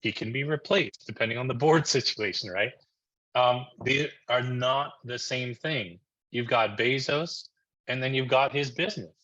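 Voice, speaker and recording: A man from New Jersey leads a live online marketing session in a bright, forceful voice. He talks in an energetic, conversational way and keeps tossing "right?" to his listeners. The video call audio sounds a little dull and lo-fi. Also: medium pitch. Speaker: marketing coach presenting a webinar.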